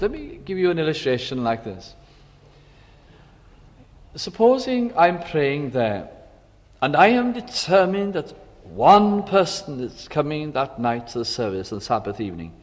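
Earnest older preacher in a reverberant hall. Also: male voice, on the high side. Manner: earnest, pausing with many fillers, swings between emphatic and quiet. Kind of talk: sermon.

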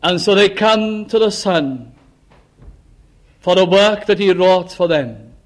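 Preacher, man, high-pitched, fervent rhythmic sermon delivery. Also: animated, slow pace. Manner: fervent, rising to emphatic repeated cries then dropping to hushed close.

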